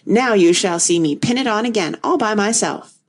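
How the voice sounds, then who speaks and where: A woman voicing a flustered, scatterbrained old queen who frets and wrings her hands, her voice rising toward a squeak. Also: expressive, normal speed. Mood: fretful. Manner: fussy, fretful, rising to a squeak.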